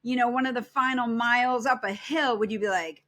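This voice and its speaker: A middle-aged woman psychologist speaks as a podcast guest with a fairly high voice. She talks earnestly and with animation, and her advice comes across as heartfelt. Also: normal speed, hardly any pauses. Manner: earnest, animated, acts out quoted self-talk. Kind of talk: podcast interview, advice-giving.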